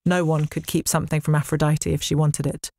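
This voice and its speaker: A woman's voice: sits low, little pitch movement, brisk, darkish tone. A woman author reading her own novel aloud in a studio, with wry storytelling. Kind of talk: dramatic book reading. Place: recording studio.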